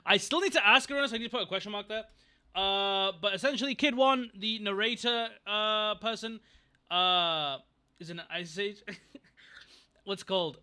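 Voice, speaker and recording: A young male streamer chats casually on a livestream, rambling, getting sidetracked, and thanking viewers in the chat. His voice is high, smooth, and sharp in tone, at a normal speed.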